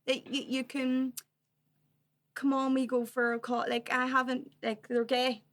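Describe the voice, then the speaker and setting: A woman chats as a podcast guest. Her voice sits a little high for a woman, and she talks in a relaxed, open way, quick to laugh along. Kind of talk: casual podcast chat.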